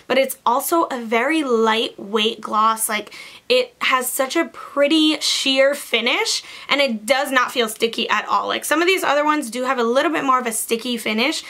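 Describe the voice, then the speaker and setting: A woman's voice: a little high, sharp tone. A young woman chatting through her favorite makeup in a casual vlog, gushing and bubbly, with lots of "like" in her talk. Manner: bubbly, gushing, says "like" a lot. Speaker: beauty vlogger.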